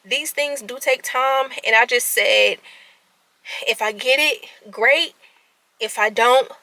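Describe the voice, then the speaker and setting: Anxious, animated young woman venting. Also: a little high, no echo. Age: 20s. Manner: animated, self-talking, swings between quiet and loud; stutters and restarts when anxious. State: anxious and nervous. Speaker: vlogger. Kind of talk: candid venting to camera.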